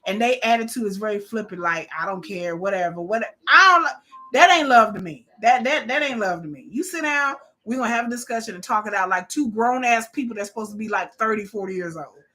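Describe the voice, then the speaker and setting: A woman's voice: on the high side, lively intonation, quick pace, bright, forceful tone. A woman hosting a live watch party of a reality show, giving blunt, profane, opinionated commentary straight to her viewers. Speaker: live-stream host.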